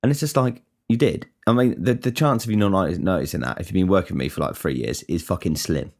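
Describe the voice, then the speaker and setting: A man's voice: low voice, fast. A man hosting a casual solo podcast, rambling and swearing with many restarts. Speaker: podcast host.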